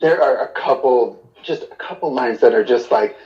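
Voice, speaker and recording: A podcast co-host chatting casually, relaxed and thoughtful. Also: mid-range voice, moderate pace, roomy sound, dull audio, heavy background noise. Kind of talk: casual chat.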